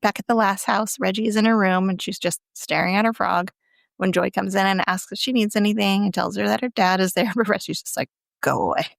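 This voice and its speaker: A woman's voice: medium pitch, fairly even intonation, fairly quick, gravelly, no echo, clean studio sound. A woman casually recapping a TV episode on a podcast, chatty and often laughing as she acts out the lines. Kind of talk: casual chat, recapping a show.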